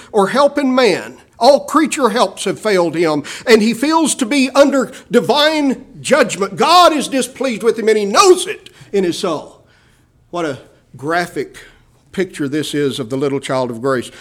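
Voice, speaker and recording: A male preacher gives a sermon full of dynamic swells and hushed drops, often calling his listeners beloved. His voice has a fairly high pitch.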